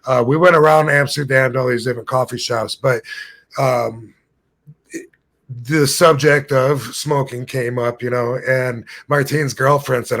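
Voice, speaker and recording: A man's voice: mid-range voice, normal speed, sharp tone. A man in his fifties hosting a podcast, telling a long, wandering story in a casual way, often losing his thread and laughing at his own tales. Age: 50s. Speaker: podcast host.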